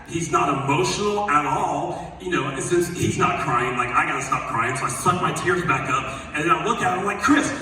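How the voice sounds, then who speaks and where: A male pastor telling a story in a sermon, then building to loud, emphatic preaching. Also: medium pitch, a little hiss or hum. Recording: echoey hall, voice from a distance.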